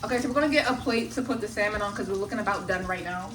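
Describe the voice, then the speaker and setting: A young woman races through a casual cooking vlog in her kitchen, describing each step with chatty, profane jokes in a medium-pitched voice. The phone capturing her sits on a charger away from the stove, and the audio is very noisy.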